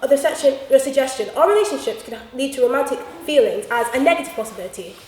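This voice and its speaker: A woman's voice: high voice, animated, quick pace, darkish tone, a little hiss or hum. A young woman giving a humorous debate speech with punchy, theatrical comic delivery. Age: young adult. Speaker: student debater. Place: debating chamber. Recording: echoey hall from far off.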